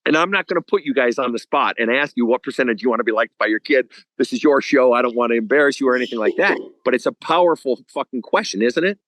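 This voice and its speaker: A man's voice: mid-range voice, fast, few pauses, no room sound, poor audio. A man speaking as a guest counselor on a podcast, talking bluntly with casual swearing and acting out stories. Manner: blunt and profane, animated storytelling.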